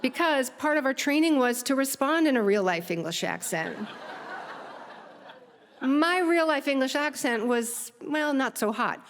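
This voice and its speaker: A middle-aged woman telling a lively, self-mocking personal story on stage, laughing at herself as she goes. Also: high-pitched, a little slow, a little hiss or hum. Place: theater stage. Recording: stage talk with long hall reverb.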